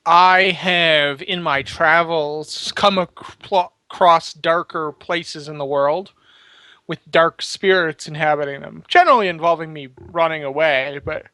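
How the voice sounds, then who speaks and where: A man's voice: a little high, unhurried, pushed and bright, clean tone, no room sound. A man playing a tabletop game, with theatrical, melodramatic outbursts. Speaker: player.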